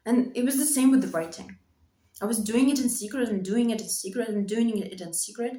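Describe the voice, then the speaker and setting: Emotional woman talking halting to camera. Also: mid-range voice, dark tone. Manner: emotional, halting, repeats phrases, nervous laughs. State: voice cracking with emotion. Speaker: vlogger. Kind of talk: confessional talk to camera. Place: bedroom. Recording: echoey room.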